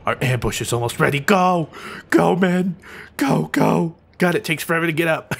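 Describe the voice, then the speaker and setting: Giggly high-pitched American gamer. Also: male voice, normal speed, creaky, a little hiss or hum. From United States. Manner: excitable, giggly, frequent shrieks. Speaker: gaming YouTuber. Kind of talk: let's-play commentary.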